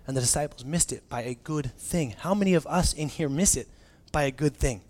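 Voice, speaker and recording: A man's voice: on the high side, fairly quick, darkish tone. A man delivering a conversational sermon, his voice sitting a bit above the usual male range. He preaches casually and animatedly, often restarting his phrases and leaning on filler words as he talks to his congregation. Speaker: pastor.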